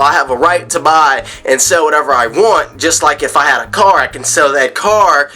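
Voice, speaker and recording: Bright-voiced man ranting to camera. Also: a little high, normal speed, few pauses, faint music behind. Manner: rambling, with frequent restarts and repeated words. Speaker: gaming and tech vlogger. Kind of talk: casual direct-to-camera rant.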